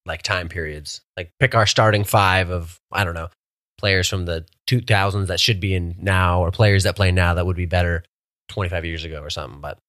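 A man's voice: deep voice, steady tone, brisk, a bit bright, no echo, clean studio sound. Laughing young man co-hosting a podcast. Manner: joking, laughs often. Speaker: podcast co-host. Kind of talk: casual sports chat.

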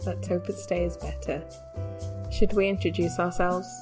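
A woman's voice: fairly low pitch, flat delivery, moderate pace, over music. A woman co-hosting a podcast in casual, rambling, self-deprecating chat over a video call. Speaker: podcast co-host.

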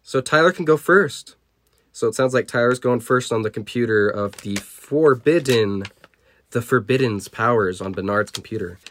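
A man's voice: medium pitch, expressive, normal speed, fairly bright tone, slight background noise. A man hosting a podcast, playfully reading a children's story aloud with sound effects, recorded in a small closet. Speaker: podcast host.

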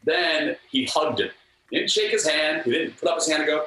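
A man guest telling anecdotes in an interview with an earnest, animated manner, acting out what others said. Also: a little high, a little fast, slight background noise. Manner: animated, earnest, acts out quotes. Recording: echoey room, distant mic, faint ambience.

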